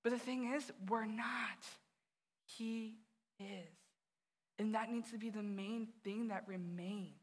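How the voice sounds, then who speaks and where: A woman's voice: a little high, fairly even intonation, slow. A woman youth director giving an earnest sermon, telling personal stories and speaking straight to the listeners.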